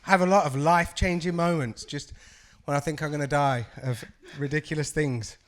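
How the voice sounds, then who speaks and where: A man's voice: a little high, fairly quick. A man co-hosting a podcast, telling sweary stories in casual chat and laughing often. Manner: laughing, sweary, animated storytelling. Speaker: podcast co-host.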